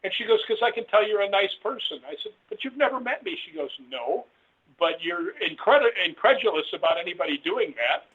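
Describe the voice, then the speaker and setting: A man on a tinny phone line tells a rambling story with lively quoted dialogue. His voice is husky and sits a little high. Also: moderate pace. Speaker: guest author. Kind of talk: casual storytelling interview. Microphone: phone call.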